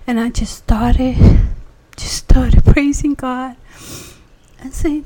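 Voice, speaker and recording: A woman sharing a personal faith testimony, telling her story with emotion and often dropping into a breathy whisper. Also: a little high, fairly even intonation, slow, a little mellow, slight background noise.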